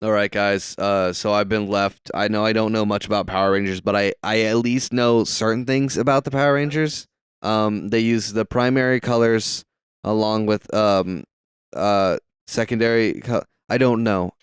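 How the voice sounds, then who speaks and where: A man's voice: lowish voice, fairly even intonation, moderate pace, smooth, dry recording, clean studio sound. A young man with a Southern US accent, co-hosting a podcast and chatting casually and jokingly while watching a movie, rambling and swearing often. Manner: rambling, profane, jokey. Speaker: podcast co-host.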